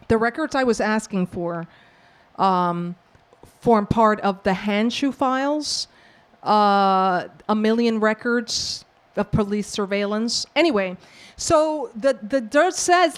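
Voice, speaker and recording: A woman from the Bronx, an author and professor, answering audience questions with lively, acted-out storytelling. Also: on the high side, clean tone. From New York, the Bronx. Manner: animated storyteller who acts out quoted exchanges. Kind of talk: book talk Q&A, storytelling.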